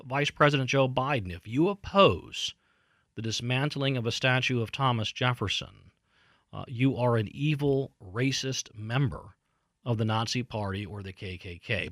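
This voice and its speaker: A man's voice: mid-range voice, fairly bright tone, dry recording. Indignant man with dry sound. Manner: indignant, emphatic, with frequent fillers and restarts. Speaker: political talk show host. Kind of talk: opinion commentary monologue.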